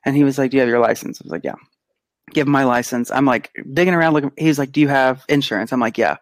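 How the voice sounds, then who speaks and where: A man co-hosting a podcast, telling an animated, casual story and acting out the quotes. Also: medium pitch, quick pace, no room sound. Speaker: podcast co-host; pediatric physical therapist. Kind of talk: casual chat.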